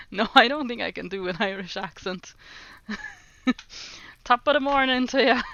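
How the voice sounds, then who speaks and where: Slow-talking giggly woman streamer. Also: medium pitch, pushed and bright, no echo, lo-fi sound. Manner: laughs often, chatty and giggly. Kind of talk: casual livestream chat, reading chat aloud.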